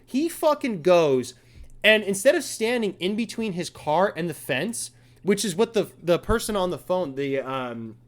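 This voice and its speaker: A man's voice: high voice, measured pace. A man hosting a casual chat, telling an angry story with lots of swearing and acted-out quotes. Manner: profane, animated, acts out quotes. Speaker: podcast host.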